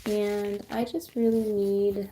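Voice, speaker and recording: A woman giving a casual tarot reading to viewers, chatty and excitable, with lots of fillers and asides, recorded on a phone on a tripod. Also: medium pitch, slow pace, background noise. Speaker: tarot reader.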